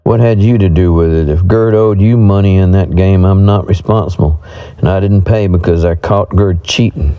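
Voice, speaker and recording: A man's voice: low-pitched, normal speed, clear, resonant tone, highs cut off, natural voice. Adam, a man doing a defiant young cowboy. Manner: forceful, sarcastic.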